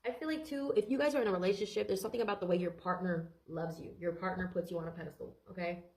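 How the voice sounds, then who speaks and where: Congested woman tarot reader; rapid, rambling, filler-heavy delivery in a roomy space. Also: lowish voice, a little mellow. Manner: rambling, repeats phrases, frequent "okay?" and "like". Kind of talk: casual tarot reading.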